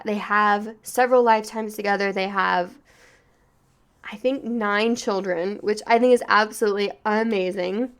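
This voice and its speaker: A woman's voice: medium pitch, clear, resonant tone. A woman hosting a book podcast, reviewing a novel in a casual, gushing monologue full of filler words and restarts.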